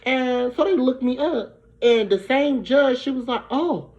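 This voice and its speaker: A young woman from Brooklyn, telling a profane, animated storytime. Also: sits high, unhurried. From Brooklyn, New York. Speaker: vlogger. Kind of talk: storytime vlog. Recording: dull lo-fi recording.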